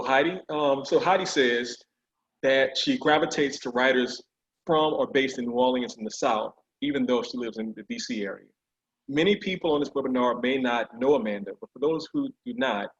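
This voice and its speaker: A man interviewing an author at an online book event, reading out audience questions in a measured, friendly way. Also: mid-range voice, dull audio. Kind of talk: moderating a video-call book event. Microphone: video call.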